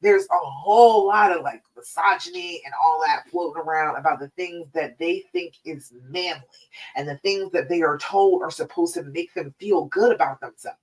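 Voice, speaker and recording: A woman's voice: fairly low pitch, moderate pace, recorded from a distance, low-quality recording. A woman hosting a live stream as a relationship coach, talking in a casual, conversational way and often checking in with "all right?".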